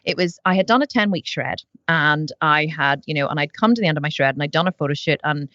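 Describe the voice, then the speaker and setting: A woman podcast host chatting at a quick clip, rambling and piling on fillers as she goes. Her voice is dry and close, with a slightly dull, muffled sound. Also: low voice, fairly bright tone, dry recording. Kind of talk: casual podcast chat.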